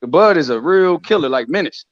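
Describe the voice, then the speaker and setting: A man's voice: on the high side, fairly quick, dry recording. A man co-hosting a casual boxing chat, telling stories and acting out other people's lines. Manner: animated storyteller, quoting others in voices. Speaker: boxing podcast co-host. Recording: dull lo-fi audio.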